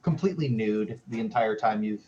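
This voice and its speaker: A man's voice: fairly low pitch, moderate pace, warm tone, muffled recording, a little hiss or hum. A man running a tabletop game as game master, easygoing and a little hesitant as he explains things.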